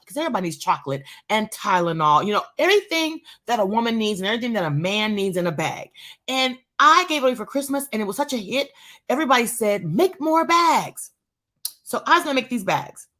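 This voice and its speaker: A woman tells a testimony to her church audience in a lively voice that rises and falls widely. She is animated and speaks straight to her listeners, repeating phrases for emphasis. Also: mid-range voice. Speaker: church first lady hosting a live show.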